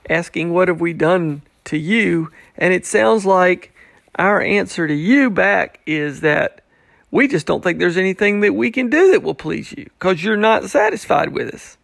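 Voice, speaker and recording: High, slow, gravelly man teaching scripture. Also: fairly bright tone, dry recording, clean studio sound. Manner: acts out the people's questions in a mocking tone. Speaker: preacher. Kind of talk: bible teaching.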